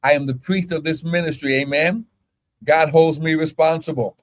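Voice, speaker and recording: A pastor preaching a fervent sermon, shouting scripture and breaking into exclamations between verses. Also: male voice, a little high, moderate pace.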